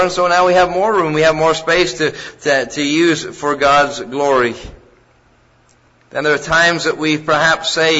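A middle-aged man preaches a sermon in a loose, conversational manner, often circling back and restarting his phrases. His voice sits a little high for a man. The recording is dull and lo-fi. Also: fairly bright tone.

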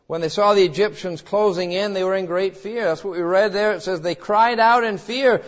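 A man preaching a sermon as pastor, swinging between calm teaching and dramatic, acted-out quoted cries. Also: high-pitched, moderate pace, hardly any pauses, highs cut off. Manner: preaching with dramatic rises, voicing quoted cries and God's words.

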